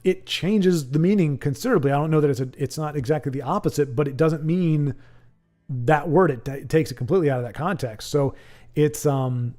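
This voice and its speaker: A man hosting a livestream, giving rambling, casual commentary on a card game, with sudden excitable outbursts. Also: a little high, a little fast. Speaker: livestream host.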